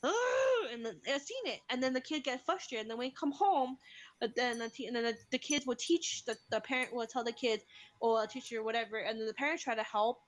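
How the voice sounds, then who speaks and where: A woman's voice: on the high side, fast. A woman hosting a casual chat, talking animatedly and acting out the voices of kids and parents. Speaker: host.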